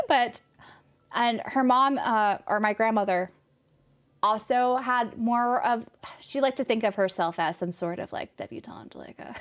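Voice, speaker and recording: On a game stream, a young California woman with a slight Californian accent talks casually with her chat. Her voice is on the high side, and her replies come out rambling and full of laughter.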